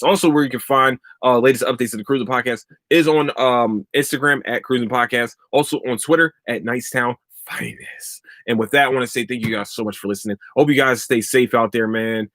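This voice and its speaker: A man's voice: mid-range voice, fairly bright tone, no room sound. A young man hosting his own podcast, ranting casually and profanely. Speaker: podcast host. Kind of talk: casual solo podcast rant.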